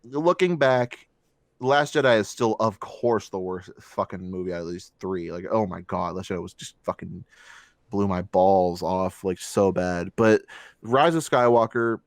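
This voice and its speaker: A man's voice: low-pitched, unhurried, dry recording, clean studio sound. A man co-hosting a casual movie review podcast, ranting with heavy swearing and mocking voices. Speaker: podcast co-host.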